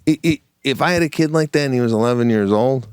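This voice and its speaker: A man's voice: medium pitch, quick pace, clear, resonant tone, no echo, clean studio sound. Emphatic storytelling middle-aged man. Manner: animated storytelling, emphatic rhetorical questions. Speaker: podcast co-host. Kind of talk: casual comedic chat.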